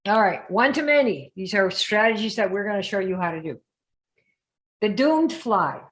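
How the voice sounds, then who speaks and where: A woman coaching a group in a lively live session, often asking her listeners questions and acting out the voices she quotes. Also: medium pitch, normal speed. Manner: emphatic, asks the audience questions, acts out quoted voices. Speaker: business coach.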